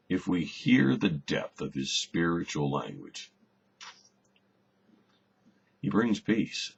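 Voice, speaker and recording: A man teaching a conversational Bible lesson, relaxed and thinking aloud, often repeating a word as he searches for the next one. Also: extremely low pitch, gravelly, husky. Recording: slightly dull recording with faint hiss.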